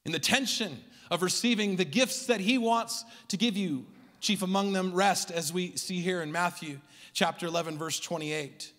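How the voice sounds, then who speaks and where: A male pastor giving a Christmas Eve sermon in rhythmic preaching cadence, swinging from loud to hushed. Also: high-pitched, normal speed, in a large hall. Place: church sanctuary.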